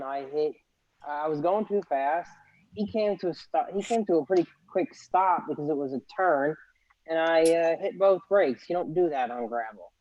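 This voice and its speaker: A man's voice: fairly high pitch, no echo, highs cut off. A young man in casual chat, telling a story animatedly and acting out quotes, laughing often.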